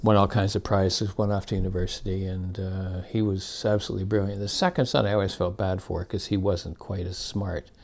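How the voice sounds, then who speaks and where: Older man with a deep gravelly voice. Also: little pitch movement, fairly quick, hardly any pauses, darkish tone. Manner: rambling, self-correcting, chuckling. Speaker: storyteller. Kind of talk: casual reminiscence.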